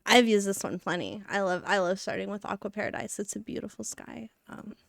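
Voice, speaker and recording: Her mid-range voice is brisk and creaky, captured as clean studio sound with no room sound. She chats while streaming her work, rambling casually, narrating herself, and sounding a bit out of breath.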